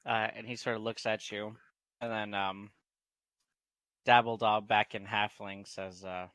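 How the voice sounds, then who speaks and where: A man's voice: lowish voice, flat delivery, unhurried, pauses often, fairly bright tone, no echo. A man running a tabletop game as game master, narrating casually with lots of fillers.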